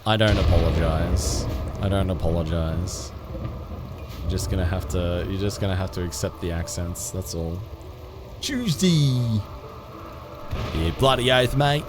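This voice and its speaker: A man's voice: deep voice, flat delivery, over music. A man chatting casually with his viewers while streaming a game, laid-back and rambling. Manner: laid-back, rambling, frequent restarts, quick laughs. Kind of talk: casual live-stream chat while playing.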